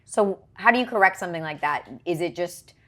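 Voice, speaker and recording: A woman hosting an interview, asking curious follow-up questions in a relaxed, chatty way. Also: lowish voice, brisk. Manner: curious, asks follow-up questions, laughs easily. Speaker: host. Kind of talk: casual interview chat.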